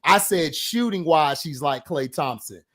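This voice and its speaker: A man's voice: on the high side, lively intonation, a little slow, a bit bright. A man hosting a sports talk show, arguing his points passionately and insistently in a casual, heated debate.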